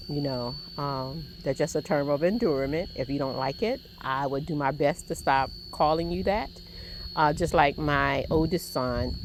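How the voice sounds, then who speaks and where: Low-voiced chatty Southern woman. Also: normal speed, a little mellow, slight background noise. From Southern United States. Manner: chatty, rambling, laughs often. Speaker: fishing vlogger. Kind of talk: casual storytelling while fishing. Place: outdoors by the water.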